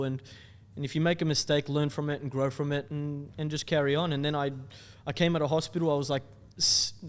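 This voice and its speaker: An upbeat young Australian man with a slightly high voice tells stories in a rambling, lively way and breaks into laughter and quick impressions. His voice rings out with a long reverb in the room. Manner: animated, laughs often, slips into impressions. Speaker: content creator guest. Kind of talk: casual storytelling chat.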